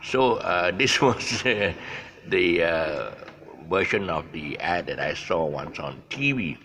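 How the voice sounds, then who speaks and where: An older man rambles through anecdotes, pausing often to hesitate. His voice is very low and gravelly but bright, and his pitch swings widely. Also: lively intonation, lo-fi sound. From Malaysia. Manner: hesitant, full of fillers, chuckling. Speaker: vlogger. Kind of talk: casual storytelling monologue.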